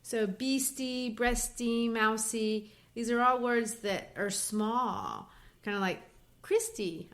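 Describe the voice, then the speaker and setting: A woman's voice: a little high, a little slow. Woman explaining a poem on a podcast. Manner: explanatory, animated, with light laughs. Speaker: podcast co-host. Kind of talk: casual literature discussion.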